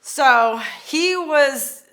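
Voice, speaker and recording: Animated woman telling a story with gusto. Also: high voice, drawn-out words. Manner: animated, laughing, acts out quotes. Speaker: co-host of a marriage course. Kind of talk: casual storytelling chat.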